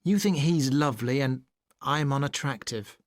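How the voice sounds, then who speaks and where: A woman's voice: extremely low pitch, moderate pace, no echo, clean studio sound. A woman acting a jealous, insecure young man in a textbook dialogue, gloomy and accusing. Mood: sulky.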